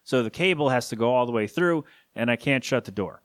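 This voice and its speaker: A man's voice: mid-range voice, expressive, brisk, dry recording. Man, podcast host, rambling and self-deprecating, dry close sound, home studio. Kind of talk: rambling solo podcast chat.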